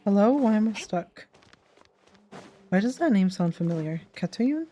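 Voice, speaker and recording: A woman's voice: medium pitch, animated, moderate pace, dark tone. A woman in her twenties casually and emotionally reacting to a game as a streamer, chatty and stumbling over names.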